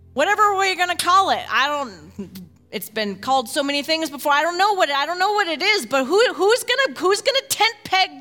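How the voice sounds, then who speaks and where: A woman pastor preaching a sermon in an animated, folksy way, with quick casual asides and rising excitement. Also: sits high.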